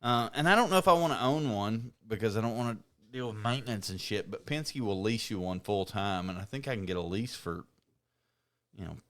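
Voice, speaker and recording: A man with a low, smooth voice co-hosts a podcast. He rambles through his plans in loose, profanity-laced chat. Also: a little fast, fairly bright tone. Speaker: podcast co-host. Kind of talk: casual chat.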